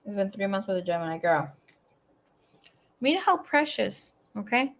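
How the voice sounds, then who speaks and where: Young woman doing a tarot reading at home, talks loose and sweary, goes loud then drops to a mumble. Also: mid-range voice, very animated, normal speed. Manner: chatty, swearing, rambling asides; swings between loud bursts and quiet mumbling. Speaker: tarot reader. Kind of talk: casual live tarot reading.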